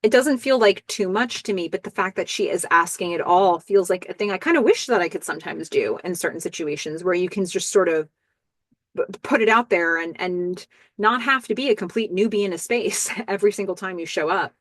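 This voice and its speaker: A woman's voice: lowish voice, a little fast, no echo. A woman hosting a podcast, chatting casually through a show recap and thinking aloud with ums and asides. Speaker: podcast host.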